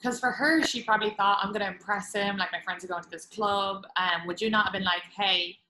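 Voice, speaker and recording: A woman hosts a casual podcast chat with a bright, forceful tone. She tells stories in an animated way, laughing often and swearing freely. The sound has a roomy echo. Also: medium pitch, fast. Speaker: podcast host.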